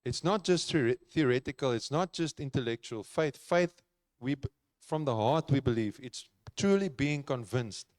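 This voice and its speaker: Male pastor, mid-pitched, clear resonant voice, earnest conversational sermon delivery. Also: lively intonation, normal speed, darkish tone, dry recording, clean studio sound. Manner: earnest, conversational preaching with repeated phrases. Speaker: preacher. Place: church.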